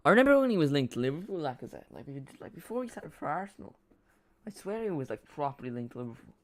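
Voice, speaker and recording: A man's voice: fairly high pitch, big pitch swings, fast. A man streaming a live watch-along, chatting casually in a rambling way, repeating himself and reacting to the play.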